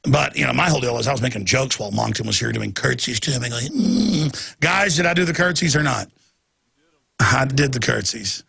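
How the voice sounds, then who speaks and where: A man hosting a talk show, delivering an impassioned political rant with sudden shouted bursts. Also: medium pitch, quick pace, gravelly, husky. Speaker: talk radio host. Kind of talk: ranting political monologue.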